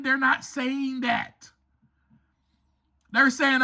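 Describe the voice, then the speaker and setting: A man's voice: very high-pitched, expressive, slow pace, bright, forceful tone. Enthusiastic man hosting a motivational podcast. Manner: emphatic, enthusiastic, addresses listeners as friends. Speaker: podcast host and author.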